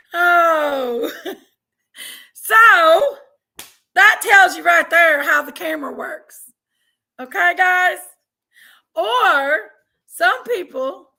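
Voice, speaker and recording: A woman hosting a casual livestream chat from home on a webcam mic, loud, laughing and bawdy. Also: sits high, gravelly. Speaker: livestream host. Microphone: computer webcam mic.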